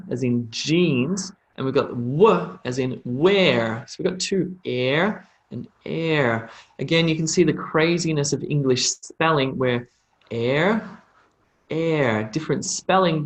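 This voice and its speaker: A man with an Australian accent teaching English pronunciation in a live online lesson, drawing out model phrases for students to repeat. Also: a little high. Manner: slow, drawn-out model phrases for repetition.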